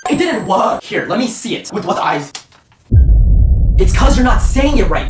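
A woman performing a comedy sketch in which she plays every character, bickering back and forth and often shouting. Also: medium pitch, very animated, fairly quick. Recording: roomy echo from a distance with music behind.

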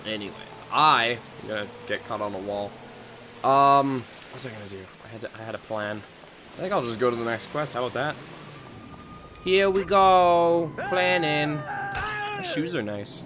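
A man chatting excitedly to his viewers while he plays a game, with game sounds and music behind him. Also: fairly low pitch, fairly quick, background noise. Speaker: gaming streamer. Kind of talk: casual let's-play commentary.

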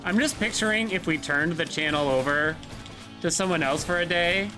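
Male game streamer, loose and talkative, slightly high voice, game music running under him. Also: moderate pace. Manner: chatty, rambling, joking with chat. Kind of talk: casual gameplay commentary.

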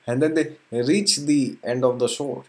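A man's voice: mid-range voice, normal speed. A man teaching a spiritual lesson by retelling a scripture story, chuckling often as he goes. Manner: chuckles often, animated retelling with acted quotes.

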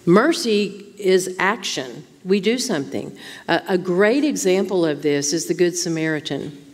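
A woman's voice: lowish voice, expressive, a little slow. Woman teaching in a reverberant church hall. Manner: informal, asks many rhetorical questions. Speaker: Bible teacher at a women's conference. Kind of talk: conversational sermon.

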